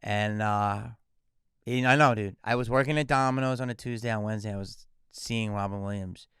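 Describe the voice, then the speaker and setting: A man in his fifties from the Philadelphia area, a guest actor telling lively stories on a podcast and acting out the people he quotes. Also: on the low side, brisk, smooth, no room sound, studio quality. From Philadelphia area, USA. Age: 50s. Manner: animated, acts out quoted dialogue. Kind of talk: casual podcast storytelling.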